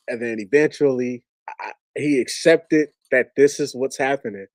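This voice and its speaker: A podcast guest, a man with a medium-pitched voice, tells a personal story at a moderate pace in an earnest, conversational and emotional way. He is recorded dry on a podcast studio mic.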